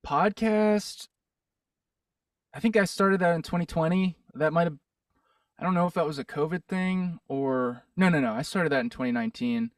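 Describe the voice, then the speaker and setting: A man's voice: fairly high pitch, moderate pace, dry recording, far from the mic. A man from Pittsburgh, a musician guest, chatting casually in an interview, rambling and hesitant with lots of fillers and restarts. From Pittsburgh, USA.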